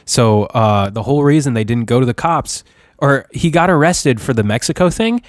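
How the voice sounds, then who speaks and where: Lively young man chatting on a podcast. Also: medium pitch, normal speed, no echo, studio quality. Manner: rambling, joking, with frequent laughs. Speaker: podcast co-host. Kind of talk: casual chat.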